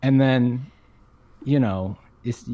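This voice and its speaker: A man's voice: mid-range voice, slow, warm tone, dry recording. A young man in casual chat, telling a story animatedly, swearing and laughing often. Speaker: podcast co-host.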